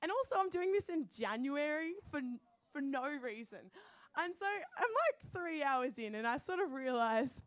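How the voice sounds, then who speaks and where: A young woman with an Australian accent tells a comic personal story in a lively, profane way. Her voice sits high and the sound is close and dry, with no room around it. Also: moderate pace, dry recording. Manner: animated, swearing, quoting herself. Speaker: storyteller guest.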